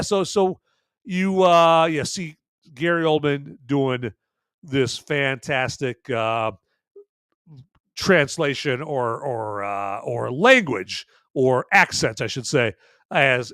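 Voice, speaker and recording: Man, podcast host, casual live commentary, rambling with fillers, higher pitch, smooth clear tone. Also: fairly bright tone, dry recording, studio quality. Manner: rambling, many fillers and restarts. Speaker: podcast host presenting a vampire movie list.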